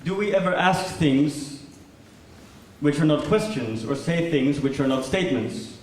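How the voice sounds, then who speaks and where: A performance speaker with a high-leaning, darkish-toned voice delivers an animated but slightly slow lecture consisting solely of questions, his intonation rising at every one. He is in a large lecture hall, and the echoey recording comes from far away with faint noise.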